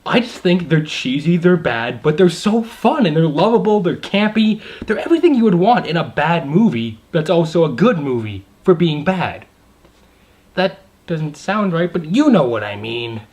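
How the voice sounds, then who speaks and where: A young man talks through a movie review in a loose, excited ramble, full of asides and fillers. His pitch swings widely and lively from word to word. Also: normal speed. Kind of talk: casual video review.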